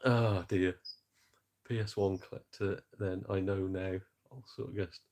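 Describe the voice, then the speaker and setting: A man's voice: low voice, steady tone, a little slow, a little mellow. A man hosting a casual gaming live-stream chat, rambling and self-deprecating with jokes. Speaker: gaming YouTuber host.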